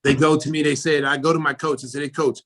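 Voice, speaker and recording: A middle-aged American man, a former basketball player turned announcer, telling stories in a casual interview and acting out the people in them. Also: fast. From United States. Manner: animated storyteller, acts out quoted people with jumps in pitch and loudness.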